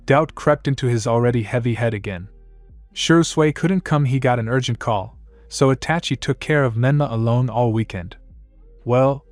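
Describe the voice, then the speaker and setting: A man reading a fan-fiction story aloud in a plain, steady narrating voice. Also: medium pitch, no room sound.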